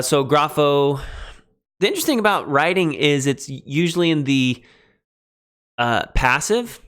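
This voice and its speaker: A man teaching a beginning Greek lesson on a livestream, relaxed and self-deprecating, spelling words out letter by letter. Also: medium pitch. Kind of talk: livestreamed lecture.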